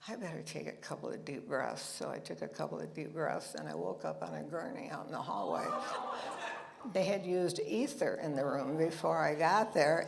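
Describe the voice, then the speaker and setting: A woman's voice: fairly low pitch, gravelly, noisy background. A woman giving a chatty, anecdotal talk to a church congregation, with asides and laughter, in a meeting room with a live audience. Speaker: guest speaker at a church service.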